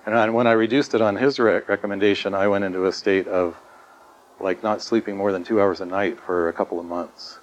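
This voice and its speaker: Earnest man recounting, low voice, lo-fi. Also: fairly even intonation. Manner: earnest, halting, many fillers and restarts. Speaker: guest telling his story. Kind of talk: personal testimony. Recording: dull lo-fi sound with faint noise.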